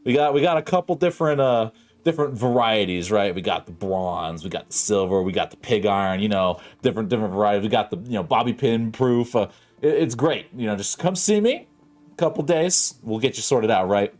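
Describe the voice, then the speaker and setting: A man voicing a pushy, fast-talking male padlock salesman in a tabletop game, full of sales patter. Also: lowish voice, a little mellow, natural voice. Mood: salesy. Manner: eager sales patter, many fillers.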